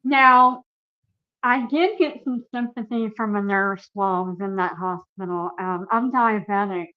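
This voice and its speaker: A woman's voice: mid-range voice, measured pace, muffled recording. A woman guest giving personal testimony in an interview, earnest and emphatic, speaking straight to the viewers.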